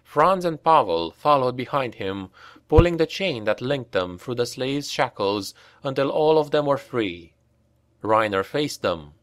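A man narrating an audiobook in a measured, expressive way. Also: medium pitch, dry recording, clean studio sound.

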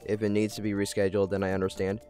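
A man's voice: lowish voice, completely flat delivery, very fast, warm tone, faint music behind. A man hosting a casual gaming livestream, joking around and thanking viewers while he plays. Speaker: livestream host. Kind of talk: casual gaming stream chat.

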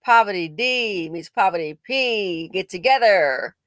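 A woman talks through a news story in a casual, indignant way, scolding and tossing out sarcastic exclamations. Her pitch swings widely from low mutters to high whoops. The recording is dry, with no room sound. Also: animated, measured pace, a bit bright, dry recording. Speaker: commentator.

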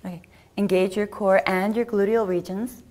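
A woman teaching a yoga class, giving gentle, encouraging step-by-step instructions. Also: medium pitch, fairly even intonation, moderate pace.

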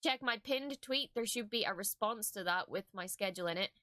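A woman's voice: medium pitch, a little fast, pushed and bright, no room sound, studio quality. A young woman streamer giving chatty, emotional reaction commentary at home, with plenty of fillers.

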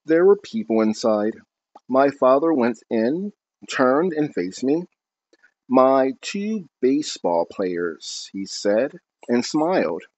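A man narrating a novel in the first person with a calm, expressive reading style. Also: medium pitch, slow pace. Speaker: audiobook narrator. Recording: dull lo-fi recording.

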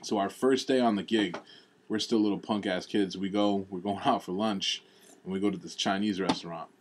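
A man's voice: deep voice, normal speed, a little hiss or hum. A young man co-hosting a podcast, telling a story in casual chat, swearing and acting out the quotes. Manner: swearing, animated storyteller who acts out quotes. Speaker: podcast co-host.

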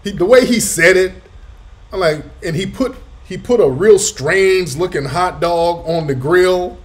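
A man hosting a casual live talk, telling a story with animated emphasis and street slang. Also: high voice, unhurried. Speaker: host. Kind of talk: casual livestream chat.

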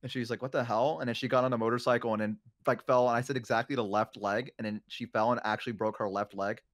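A man's voice: mid-range voice, fairly even intonation, fast talker, no echo, studio quality. A young man chatting casually and telling stories, rambling with lots of fillers. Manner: rambling, many fillers and restarts. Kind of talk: casual chat, storytelling.

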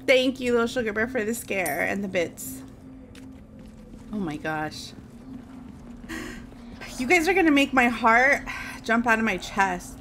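A woman with a voice on the high side streams a game live and chats informally with her audience over a noisy background. She's apologetic and jumps easily.

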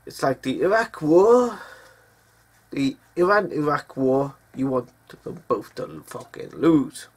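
A man's voice: fairly high pitch, expressive, takes it slowly, breathy edge. A man giving ranting news commentary in a vlog, swearing often as he goes. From Britain. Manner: profane, angry ranting with frequent swearing.

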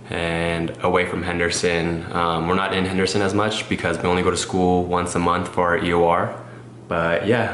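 A young man talks casually into a phone held at arm's length, his voice sitting low. He rambles along, dropping in plenty of fillers as he goes. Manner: relaxed, rambling, filler-heavy. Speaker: physician assistant student vlogger. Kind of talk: casual vlog chat. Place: car and home.

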